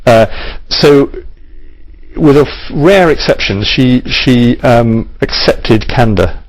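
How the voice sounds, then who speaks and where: A man's voice: medium pitch, takes it slowly, slight background noise, poor audio. A man answering interview questions animatedly, with stammered restarts.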